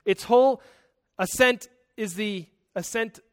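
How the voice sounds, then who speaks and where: A man preaches a sermon. He is animated and acts out angry outbursts, and he corrects himself mid-sentence as he goes. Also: sits high, measured pace.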